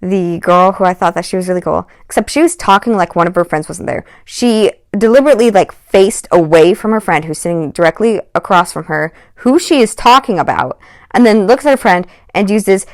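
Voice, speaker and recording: A woman's voice: medium pitch, a little fast, no echo, studio quality. A woman vlogging a casual storytime, rambling with lots of "like" and "um" and exasperated asides. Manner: rambling, heavy on "like" and "um".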